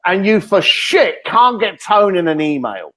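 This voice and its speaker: A man, a guest author in an interview, telling energetic stories and acting out the lines he quotes. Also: sits high, unhurried. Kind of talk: animated interview talk.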